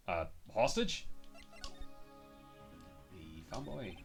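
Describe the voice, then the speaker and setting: A man's voice: fairly low pitch, very animated, normal speed, long pauses, faint music behind. A male streamer reading a detective game's dialogue aloud, switching voices for each character.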